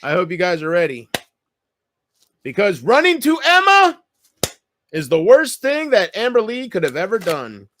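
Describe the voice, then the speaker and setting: A man vlogging a bitter, taunting rant straight to camera, swinging from loud outbursts to low mutters. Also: sing-song, a little fast, hardly any pauses, a little hiss or hum. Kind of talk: ranting monologue to camera.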